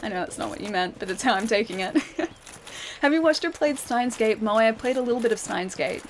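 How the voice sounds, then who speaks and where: Her fairly high voice is a little fast, with slight hiss or hum in the audio and game music clear in the background. During a live stream, this Australian gamer chats with her audience, reads out chat, reacts to the fight and laughs a lot.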